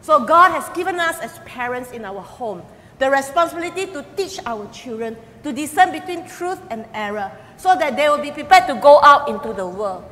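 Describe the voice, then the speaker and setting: An older woman preaches in a high, bright voice, animated and expressive as she tells family stories. Her words ring out with a long hall reverb, and faint noise sits underneath. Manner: animated storytelling, acting out quoted voices. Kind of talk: sermon.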